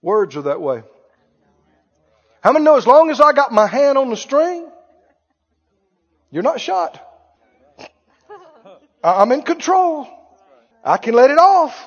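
Preaching in a very high, sing-song voice, this pastor speaks a little slowly and pauses often. He keeps the sermon conversational, quizzing the congregation with questions, in a muffled, reverberant hall.

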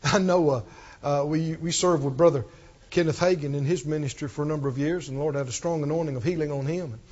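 A man's voice: a little high, fairly even intonation, fast, a little mellow, slightly rough. A man preaching a sermon with emphasis, often firing questions at the congregation. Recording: dull lo-fi recording.

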